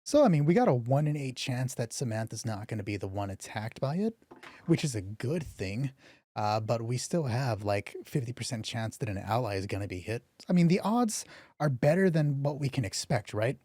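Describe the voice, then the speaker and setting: A man narrating and rolling dice for a solo tabletop game stream, excitable and swearing freely, his voice getting hoarse. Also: mid-range voice, moderate pace, dry recording, studio quality. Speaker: game master.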